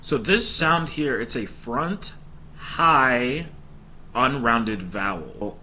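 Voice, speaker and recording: Bright-toned man explaining his study plan. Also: medium pitch, lively intonation, very slow, a little hiss or hum. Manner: chatty, talks viewers through his plan with filler ums. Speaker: language learner vlogger. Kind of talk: casual explanatory vlog.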